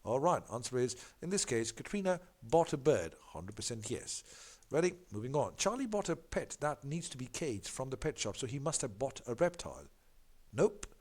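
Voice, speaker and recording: A man tutoring through practice questions, his pitch rising and falling a lot as he stresses key words. He stops to correct himself and repeats the same punchy answers. His voice sits at an ordinary middle pitch. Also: moderate pace. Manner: animated, emphatic, repeats catchphrases like "big fat no". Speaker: exam tutor.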